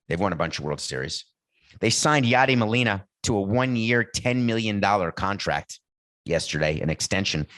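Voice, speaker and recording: A man in middle age holds forth on a sports show, talking off the cuff in a blunt, emphatic way. His voice sits a little low, and the sound is dry with no room around it. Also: a bit bright, dry recording. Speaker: podcast host. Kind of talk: opinionated sports talk monologue.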